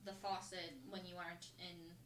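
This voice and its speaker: A woman's voice: on the low side, level tone, normal speed, fairly bright tone, slight background noise. Casual podcast co-host, woman, giggly and talkative; roomy echo, sits back from the mic. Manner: giggly, chatty storyteller. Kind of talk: casual chat. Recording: roomy sound from a distant mic.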